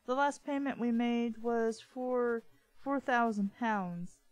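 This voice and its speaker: Brief: woman voicing a charming, persuasive upper-class gentleman from a novel read aloud; slightly high voice, dry sound. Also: slow pace, no echo, low-quality recording. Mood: polite.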